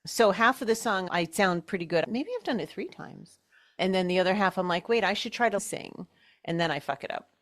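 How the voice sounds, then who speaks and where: A woman's voice: lowish voice, fairly quick. A middle-aged woman co-hosting a podcast, giving short encouraging replies and telling her own stories. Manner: supportive, brief encouraging replies. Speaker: podcast co-host. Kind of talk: casual chat.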